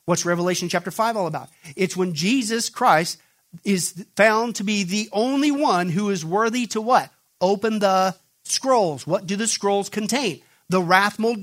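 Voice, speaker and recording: Emphatic high-voiced male preacher. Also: normal speed. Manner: emphatic call-and-response questioning; swings from loud emphasis to low intense delivery. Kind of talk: sermon.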